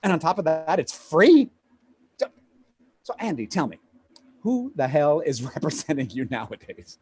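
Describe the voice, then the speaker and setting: An actor playing a pushy, fast-talking male Hollywood agent in a live play reading over a video call, with rapid, stammering sales patter. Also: fairly high pitch, sing-song, darkish tone. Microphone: home computer mic on a video call.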